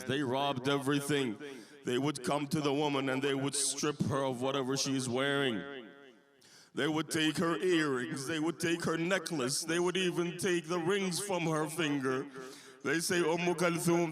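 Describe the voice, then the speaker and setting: A man delivering a sermon, solemnly narrating and voicing the people in a mourning story. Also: on the high side. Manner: solemn storytelling with quoted exchanges. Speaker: speaker at a mourning gathering. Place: mosque hall with a congregation.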